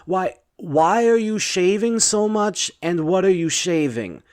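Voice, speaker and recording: A man's voice: high voice, expressive, a little slow, a little mellow, pitched above the performer's own voice. A man voicing a fussy, anxious male landlord who stammers and pleads. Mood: flustered.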